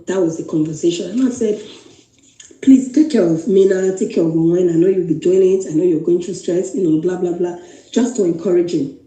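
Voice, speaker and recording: A woman with a Nigerian English accent tells her own story in an earnest, repetitive way, quoting what was said to her. Her voice is mellow and dark-toned. The recording has a noticeable room echo. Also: medium pitch. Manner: earnest, repetitive retelling with quoted dialogue. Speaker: guest telling her story. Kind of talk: personal testimony. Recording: echoey room.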